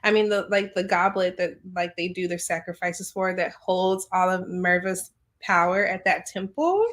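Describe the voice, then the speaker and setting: A young woman co-hosting a podcast, casually retelling a book's plot and acting out its characters in quick bursts. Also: on the low side, fairly bright tone. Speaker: podcast co-host. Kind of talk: casual book discussion.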